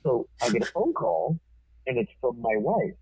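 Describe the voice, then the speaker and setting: A man, a TV producer and podcast guest, telling a story in a casual, forceful way and swearing freely. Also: mid-range voice, sing-song, moderate pace, faint music behind. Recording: tinny phone-like sound.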